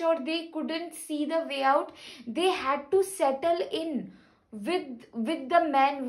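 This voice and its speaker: A woman talking casually to camera in an earnest, rambling, gentle way, with many restarts. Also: high voice, rough recording. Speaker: spiritual vlogger. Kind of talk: casual personal talk to camera.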